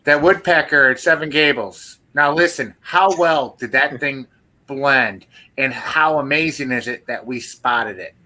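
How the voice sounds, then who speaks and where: A man's voice: medium pitch, unhurried, sharp tone. A man co-hosting a live stream, chatting casually and eagerly telling a story of his own. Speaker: co-host of a live paranormal show.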